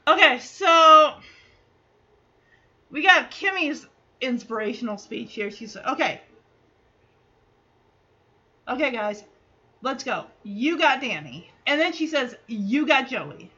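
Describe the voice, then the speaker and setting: A woman's voice: high voice, big pitch swings, takes it slowly, pauses often, sharp tone, muffled recording. A woman hosting a podcast, recapping a sitcom episode in a chatty way, full of "like" and quoted lines she acts out. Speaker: podcast host.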